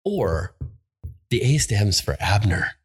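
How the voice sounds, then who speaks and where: A man co-hosting a podcast, chatting casually in a relaxed, joking and teasing way. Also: lowish voice, slow, breathy edge, soft background music. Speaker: podcast co-host. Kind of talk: casual chat.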